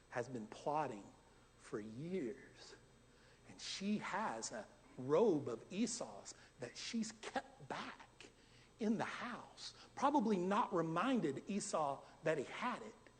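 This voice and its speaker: A male pastor preaching a verse-by-verse sermon in a church, asking lively rhetorical questions and acting out scenes. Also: on the high side, takes it slowly, a little hiss or hum. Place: church sanctuary. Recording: long church hall reverb.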